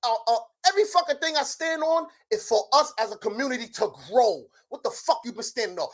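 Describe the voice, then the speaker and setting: A middle-aged man appearing as a show guest rants loudly in a heated argument, throwing out rapid challenges and lots of profanity. His voice is very high-pitched with lively intonation.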